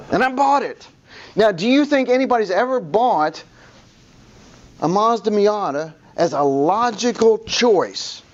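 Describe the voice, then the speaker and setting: A man's voice: sits high, lively intonation, measured pace, highs cut off. A man presenting a public speaking workshop to a room, telling stories and acting out the people he quotes.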